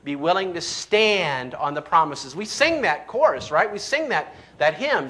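Bright-voiced man preaching emphatically. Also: a little high, very animated, a little slow, few pauses. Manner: emphatic preaching, reads scripture aloud, frequent restarts. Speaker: pastor. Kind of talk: sermon.

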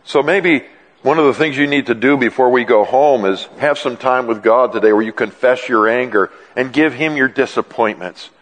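A male pastor preaching a sermon in an animated, joking way, often acting out dialogue. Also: mid-range voice, normal speed. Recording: long reverb in a large hall.

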